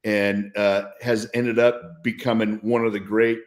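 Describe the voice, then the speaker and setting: A man's voice: on the low side, level tone, a little slow. A man in his sixties, a guest on a talk show, telling a story in an upbeat, casual way with frequent restarts. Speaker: guest, former football player. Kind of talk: casual interview chat.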